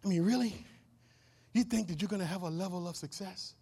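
High, gravelly-voiced fervent preacher man. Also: a little fast, dark tone. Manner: fervent, preacherly, repeats phrases, engages congregation. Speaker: pastor. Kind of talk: sermon.

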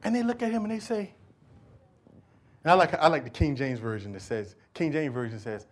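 Man, pastor preaching, high-pitched voice, rising shouted appeals, quiet asides. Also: expressive, brisk. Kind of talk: sermon.

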